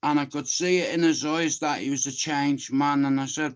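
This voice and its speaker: A man's voice: fairly high pitch, normal speed, few pauses. An Irish man around fifty, a channel host, talks in a casual, emphatic monologue, swearing freely and often checking that the listener understands.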